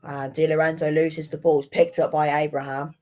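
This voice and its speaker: A woman's voice: sits low, level tone, brisk, a little mellow, rough recording. A woman giving a live football watchalong, exasperated and swearing as she talks to herself about the match. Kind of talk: live match reaction commentary.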